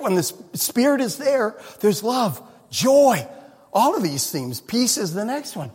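A man preaching a sermon as a pastor, animated and humorous, often laughing. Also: very high voice, a little slow, slightly rough. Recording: long reverb in a hall.

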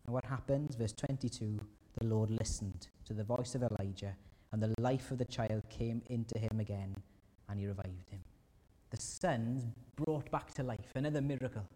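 A man preaching to his congregation, earnest and plain-spoken. His voice is mellow and relaxed, carried on a long hall reverb. He voices anguished prayers with a sudden lift in pitch. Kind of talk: sermon. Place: church hall.

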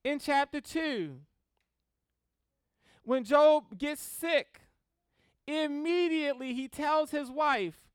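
A preacher giving a sermon in an animated way, acting out quotes in little voices and letting phrases fall away at the end. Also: sits high, takes it slowly, pauses often, clean tone, no room sound, clean studio sound. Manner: animated, acts out quotes in voices, laughs at own stories.

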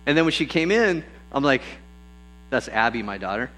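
Animated male pastor preaching. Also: mid-range voice, moderate pace, low-quality recording. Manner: lively storytelling, acts out voices with bursts of excitement. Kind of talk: sermon.

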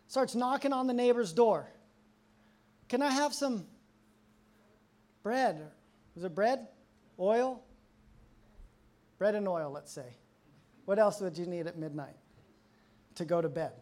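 A man preaching from the pulpit, talking to the congregation as if chatting with friends. He tells anecdotes with energy and acts out the lines of the people in them. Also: sits high. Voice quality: conversational, animated storyteller acting out quotes. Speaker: pastor. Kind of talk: sermon.

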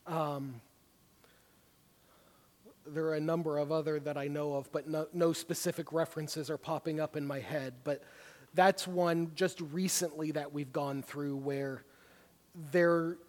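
A man's voice: a little high, steady tone, unhurried, a little mellow, big-room sound. A man leading a Bible study class, talking conversationally with many fillers. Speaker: class teacher.

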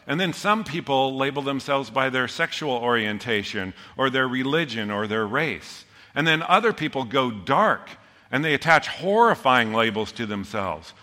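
A man preaching a sermon as a pastor, conversational and humorous, swinging from loud emphasis to hushed earnestness. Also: medium pitch, animated, normal speed, big-room sound. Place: church.

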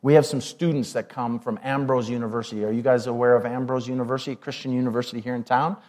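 A man's voice: medium pitch, steady tone, fast talker, darkish tone. Conversational man preaching a sermon. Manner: conversational, asks the congregation questions. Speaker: pastor.

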